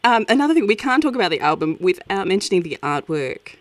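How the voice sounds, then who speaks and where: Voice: medium pitch, sing-song, quick pace, slight background noise. An interviewer chatting casually, enthusiastic and laughing often while asking about a new album.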